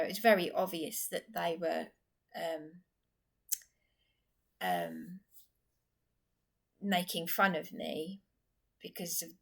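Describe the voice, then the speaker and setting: A woman's voice: on the low side, gravelly. A woman, recounting a story in a rambling, agitated personal vlog. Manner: agitated, rambling retelling with restarts. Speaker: vlogger.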